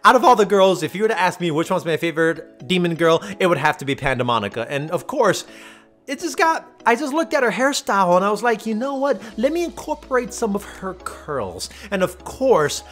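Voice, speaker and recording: A man's voice: high voice, animated, brisk, a bit bright, faint music behind. A man giving casual, rambling voice-over commentary on his own speed painting, thinking aloud with frequent restarts.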